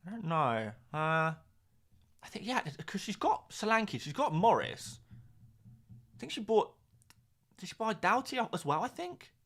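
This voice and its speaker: A man's voice: high voice, big pitch swings, unhurried, pauses often, a bit bright. A young man hosting a live fantasy football stream, talking casually in a rambling, sarcastic way.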